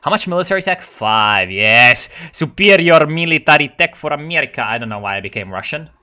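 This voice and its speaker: A man giving casual commentary while playing a strategy game, excitable and profane, full of ironic meme slang. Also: fairly high pitch, fairly quick.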